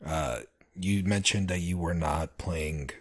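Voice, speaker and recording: A man's voice: low voice, slow, slightly rough. A man hosting a podcast, chatting casually and telling rambling stories with many fillers and restarts. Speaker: podcast host. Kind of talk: casual chat.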